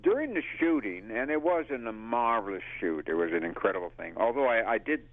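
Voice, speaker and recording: Low gravelly older man on phone. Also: fairly quick, no echo. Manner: lively storyteller who acts out quotes and laughs. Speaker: actor interviewee. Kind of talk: casual anecdotal interview. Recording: tinny phone line.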